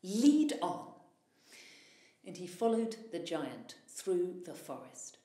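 A woman storyteller telling a folktale aloud in an animated way, swelling in loudness at the dramatic moments. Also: fairly low pitch, measured pace. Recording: echoey room.

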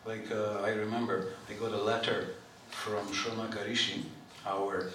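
A man giving an informal scripture lecture to a live group, chatty and animated, putting questions to his listeners and often clearing his throat. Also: lowish voice, moderate pace, far from the mic. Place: temple hall. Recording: very echoey hall, voice from off-mic, faint noise.

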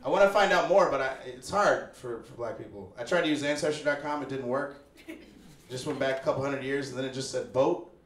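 Performing for a live crowd in a cramped apartment living room, a young comedian from Chicago talks at a fairly quick clip in a medium-pitched voice. His set is laid-back and dry, full of impressions of the people in his stories, with laughter echoing through the roomy recording.

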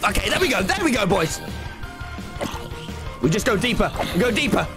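Excitable young gamer yelling. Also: male voice, high-pitched, moderate pace. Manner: excitable, swearing, yelling bursts. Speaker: streamer. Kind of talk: gaming livestream commentary. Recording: game music behind the voice.

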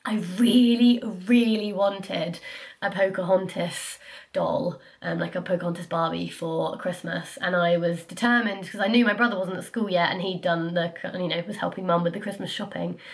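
A woman's voice: on the low side, fairly even intonation, moderate pace. A young woman, chatting casually to camera about her life, sniffly, self-deprecating and full of fillers. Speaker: vlogger.

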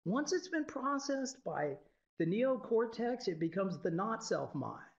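A man's voice: high-pitched, big pitch swings, unhurried, creaky. A man giving an informal, irreverent spiritual talk to a group, swearing freely and laughing often. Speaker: teacher. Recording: dull lo-fi recording.

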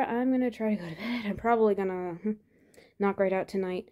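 A woman's voice: medium pitch, brisk, dark tone. Breathless young woman vlogging outdoors in snow. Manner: chatty, sighing and laughing between phrases. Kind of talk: casual vlog to camera. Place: outdoors in deep snow by a driveway.

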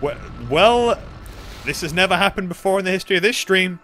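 Excitable young streamer man. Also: high voice, a little fast, a little hiss or hum. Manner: excitable, swings into loud yelps and laughs. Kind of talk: gaming stream commentary.

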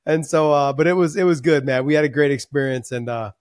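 A man's voice: a little high, fairly quick, dry recording, studio quality. A man hosting a podcast in casual chat, friendly and calling his guest brother. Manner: friendly, calls guest brother, hypes up the sign-off. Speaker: podcast host.

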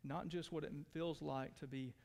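A pastor preaching a sermon to his church, earnest, dropping to hushed tones and rising to pleading. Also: on the high side, fairly even intonation, moderate pace, vocal fry. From Texas. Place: church sanctuary. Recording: long hall reverb.

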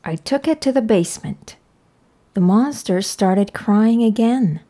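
A woman reading a children's picture book aloud with slow, careful storytelling. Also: fairly high pitch, lively intonation, warm tone, slight background noise. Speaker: read-aloud narrator.

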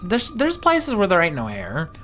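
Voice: medium pitch, huge pitch swings, moderate pace, a bit bright. A game streamer reading a horror visual novel's narration aloud and rambling in asides with many restarts.

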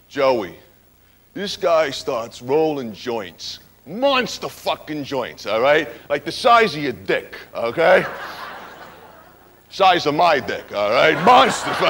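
A man's voice: on the high side, creaky, slight background noise, exaggerated voice. A man playing a brash, tough-talking young hitchhiker telling a wild story on stage, forever asking "right?". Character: wild young male hitchhiker spinning a stoner tale. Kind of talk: stage monologue character.

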